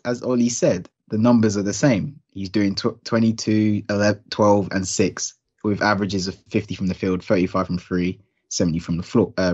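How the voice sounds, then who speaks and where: Low-voiced man reeling off stats. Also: husky, highs cut off. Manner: confident, stat-heavy, emphatic. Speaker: panelist. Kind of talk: casual panel chat.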